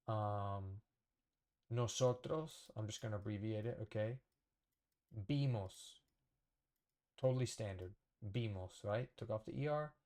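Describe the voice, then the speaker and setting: A man with a lowish, mellow voice teaches a relaxed whiteboard lesson. He thinks out loud as he goes, stops to correct himself, and keeps checking in with the viewer. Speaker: language teacher.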